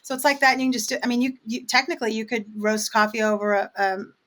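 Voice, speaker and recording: A woman's voice: on the high side, steady tone, quick pace, fairly bright tone. A woman who roasts coffee, chatting casually in an interview and explaining things with plenty of fillers.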